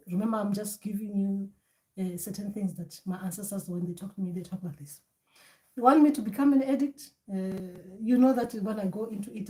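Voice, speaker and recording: Woman, spiritual teacher, loose and conversational delivery, average pitch. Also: darkish tone. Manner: conversational, with many fillers and restarts.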